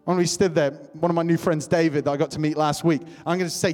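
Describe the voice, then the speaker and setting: A young man preaching with fervor, his somewhat high voice ringing through a church hall with a long reverb. Soft music plays underneath as he repeats his calls to the congregation. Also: steady tone, fast talker. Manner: impassioned, repetitive calls to the congregation. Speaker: pastor. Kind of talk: sermon.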